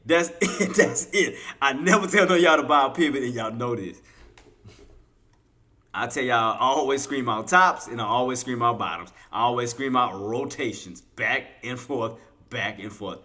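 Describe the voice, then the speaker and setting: A man with a medium-pitched, pushed, bright voice runs a live trading stream at normal speed, giving intraday commentary. He talks colloquially to his chat, calling them "y'all," repeating himself and quizzing viewers.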